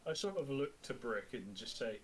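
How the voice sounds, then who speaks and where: A man's voice: medium pitch, big pitch swings, normal speed, slight background noise, low-quality recording. A man playing a tabletop role-playing game, casually describing his character's actions. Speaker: player.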